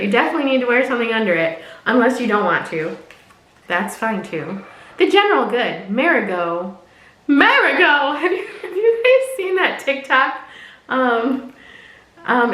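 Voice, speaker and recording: A woman's voice: on the high side, fairly bright tone. A young woman chatting casually as she unboxes clothes for her vlog, bubbly and prone to tangents. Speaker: fashion vlogger. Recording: echoey room.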